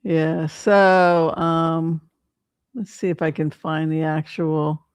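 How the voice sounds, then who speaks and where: Brief: chatty tarot-reading host, meandering and halting, mid-pitched voice, dry close sound. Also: flat delivery, smooth, no room sound. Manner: rambling, hesitant, many fillers and restarts. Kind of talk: casual livestream commentary with tarot reading.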